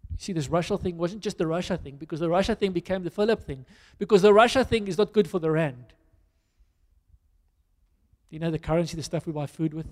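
A man's voice: fairly high pitch, a little fast, darkish tone. A man with a South African accent preaching a conversational, storytelling sermon with self-deprecating asides. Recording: reverberant hall.

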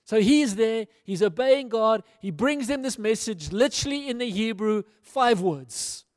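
High-voiced preacher in a reverberant hall. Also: male voice, animated, measured pace, hardly any pauses. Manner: casual storytelling, acting out dialogue. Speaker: pastor. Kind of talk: sermon.

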